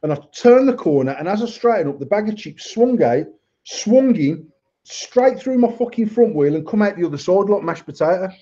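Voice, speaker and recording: A man's voice: high voice, moderate pace. A man telling a rowdy childhood story in casual podcast banter, swearing constantly and laughing along. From United Kingdom. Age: adult. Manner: sweary, animated, laughs through his own story. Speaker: podcast co-host. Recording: dull lo-fi sound.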